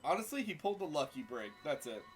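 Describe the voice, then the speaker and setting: A man chatting casually while he plays on stream, talking back to the game. His pitch jumps around animatedly and sits slightly high, with a bright tone. Faint game music runs behind him. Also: sing-song, fast, slightly rough. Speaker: player on a live game stream. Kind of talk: casual gaming chat.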